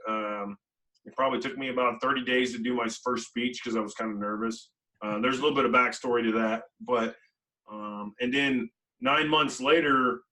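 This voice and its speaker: A man telling a personal story as a podcast guest, animated and full of fillers and quoted dialogue. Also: mid-range voice, distant mic, rough recording. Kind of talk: conversational storytelling.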